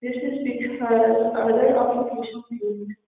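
Reader reciting a text, slow and sing-song; distant, thin and heavily echoing. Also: mid-range voice, steady tone. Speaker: student reading aloud. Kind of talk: reading a text aloud. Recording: distant, tinny, very echoey hall.

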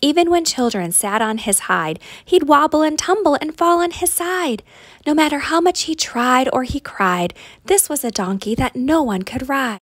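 A woman reading a rhyming picture book aloud for young children, in an expressive, sing-song way. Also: high-pitched, moderate pace, no echo, clean studio sound. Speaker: storytime reader.

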